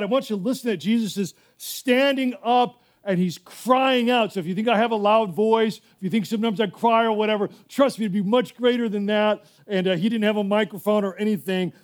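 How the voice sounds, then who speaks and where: A man's voice: high voice, fairly quick. A male pastor preaching a sermon in a fervent, emphatic way, often repeating himself.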